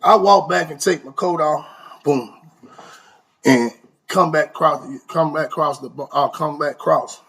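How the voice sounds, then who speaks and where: A man tells his story in a casual, slang-heavy way. His voice is raspy and gravelly and sits a little high. It jumps up sharply for emphasis. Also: a little slow. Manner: animated, slangy, voice leaps up for emphasis. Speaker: storyteller recounting prison life.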